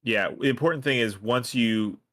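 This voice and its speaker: A man's voice: medium pitch, moderate pace, fairly bright tone. A man co-hosting a casual podcast, enthusiastic and moving the talk along with questions. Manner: enthusiastic, steers the topic with questions. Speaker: podcast co-host. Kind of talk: casual chat.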